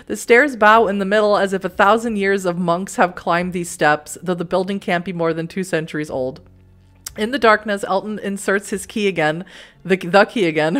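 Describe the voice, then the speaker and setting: Giggly young woman reading a story game. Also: fairly low pitch. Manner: giggly, self-mocking asides. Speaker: let's play host.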